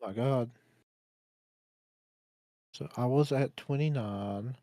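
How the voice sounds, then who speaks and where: A man's voice: mid-range voice, slow, mellow, no echo. A man playing a tabletop game, talking in a dry, wry way. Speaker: player. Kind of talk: casual tabletop game chat.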